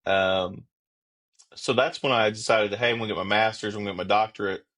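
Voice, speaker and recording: A man who is a police officer and podcast guest, explaining his views in a steady, reflective way. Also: lowish voice, fairly quick. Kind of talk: casual conversational interview.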